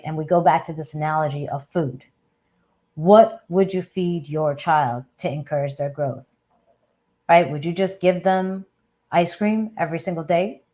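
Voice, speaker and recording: A woman's voice: low voice, warm tone. A woman hosting a live Q&A chat, talking conversationally and often checking in with a questioning "right?". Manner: thinks aloud with fillers and small restarts. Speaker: host of a live Q&A. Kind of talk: casual live chat talk.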